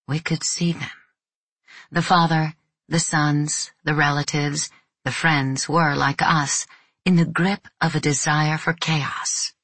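A woman reading a novel aloud as an audiobook narrator, in a measured, even storytelling manner. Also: sits low, slightly rough, dry recording.

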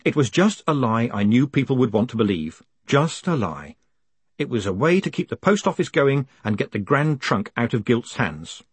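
A man's voice: mid-range voice, very animated, normal speed, husky, no echo. A man playing a charming, restless male con man who talks in a glib, self-mocking way. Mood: wry.

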